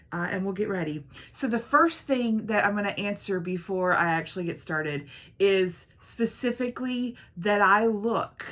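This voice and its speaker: A woman's voice: on the low side, fairly bright tone. A woman hosting a casual get-ready-with-me vlog, rambling in a friendly way and talking straight to her viewers. She records on a phone in her makeup room at home. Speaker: beauty vlogger host. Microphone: iPhone camera.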